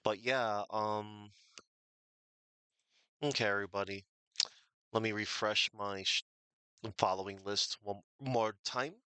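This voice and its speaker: A man's voice: lowish voice, fairly even intonation, slow, long pauses, sharp tone, clean tone, no echo. A man, rambling casually and thanking his viewers as he signs off a stream. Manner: rambling, thankful, chatty with fillers. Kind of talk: casual stream sign-off chat.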